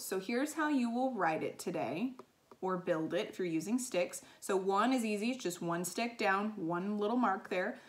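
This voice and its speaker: A woman's voice: medium pitch, expressive, moderate pace. A woman music teacher giving a recorded lesson to children, explaining in an upbeat teacherly way with frequent ums and okays.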